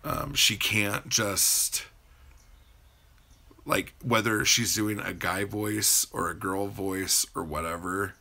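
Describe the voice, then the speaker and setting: A man with a very low, gravelly voice and a bright edge, talking slowly and loosely on a livestream. He rambles from story to story, answers viewers' chat and swears freely. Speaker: livestream host.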